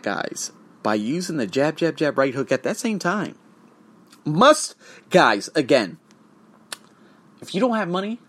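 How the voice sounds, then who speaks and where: A man's voice: a little high, a bit bright. A man coaching for English tests, talking in a casual vlog monologue, profane and emphatic as he tells his story.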